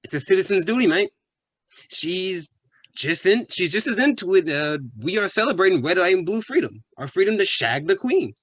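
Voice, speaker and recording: A man's voice: high voice, sing-song, moderate pace, a bit bright, no room sound, full character voice. A man playing a crude, leering British bloke. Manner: leering, boastful, full of slang. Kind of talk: comedy sketch acting.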